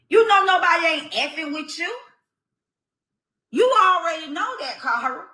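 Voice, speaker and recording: A woman with a high, bright voice speaks emphatically to a rival in a clip replayed from another stream. The sound is echoey and roomy. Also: sing-song, unhurried.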